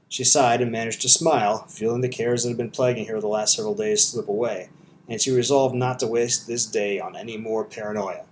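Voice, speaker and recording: A man with a voice on the low side narrates an audiobook in a steady, measured storytelling style, with a little hiss or hum in the recording.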